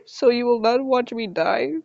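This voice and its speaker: A woman voicing a gentle, serene dying male clan leader in a calm, measured read. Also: fairly high pitch, creaky, no room sound. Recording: slightly dull lo-fi recording.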